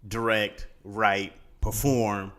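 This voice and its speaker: A man's voice: on the low side, little pitch movement, fairly bright tone. A man hosting a casual podcast, teasing his co-host and joking about cold-reading scripts. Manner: playful, teasing, quick jokes.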